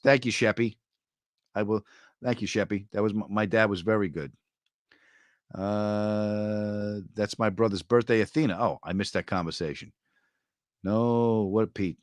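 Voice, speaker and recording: A man with a New York accent, a comedian chatting casually and answering viewer comments, joking and telling animated stories that jump into sudden high bursts. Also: a little slow, pauses often, smooth, no echo, studio quality. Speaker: comedian hosting a live chat.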